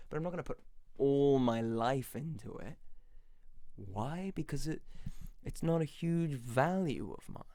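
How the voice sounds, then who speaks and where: A man hosting a podcast, giving a lively motivational monologue that he argues through in questions and answers. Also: fairly high pitch, normal speed, gravelly. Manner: animated, playful, acts out little voices; talks to himself in questions and answers. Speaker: podcast host.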